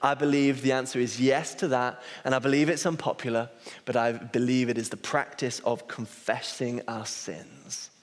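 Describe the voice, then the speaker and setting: A man's voice: mid-range voice, fairly even intonation, moderate pace. A man, an associate pastor preaching a sermon. He is earnest and pokes fun at himself as he tells family stories. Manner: earnest, self-deprecating storyteller. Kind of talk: sermon with personal storytelling. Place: church hall. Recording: long reverb of a large hall.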